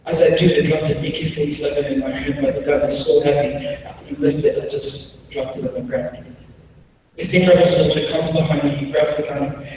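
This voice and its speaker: A man's voice: a little high, fairly even intonation, darkish tone, a little hiss or hum. Man's keynote story echoing through a hall. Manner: slow, measured storytelling with dramatic pauses. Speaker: keynote speaker. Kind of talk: personal story told as a keynote speech. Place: large conference hall. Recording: echoey hall recorded from far off.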